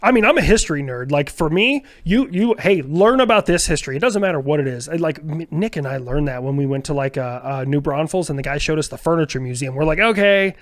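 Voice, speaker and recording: A man's voice: a little high, fast, hardly any pauses. A man as a podcast guest in casual chat, eager and full of "like" fillers. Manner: eager, filler-heavy, lots of "like".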